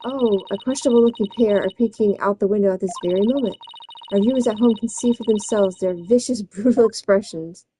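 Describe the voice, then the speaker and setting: A woman's voice: medium pitch, fairly quick, warm tone, slight background noise, lightly acted, poor audio. A woman voicing an eager, sensationalist TV reporter with a newscaster delivery.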